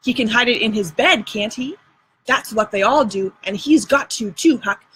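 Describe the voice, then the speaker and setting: Bossy show-off kid lecturing his buddy, drawly folksy talk, kinda high and smooth , lady reading it. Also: moderate pace, a bit bright, poor audio. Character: boastful boy adventurer, bossy and theatrical.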